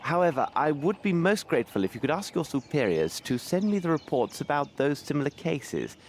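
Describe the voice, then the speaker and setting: A precise, courteous detective from a video game. He speaks in a formal, measured way, with his pitch moving freely. A faint hiss sits under the game sound. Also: big pitch swings. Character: Sherlock Holmes, calm precise male detective.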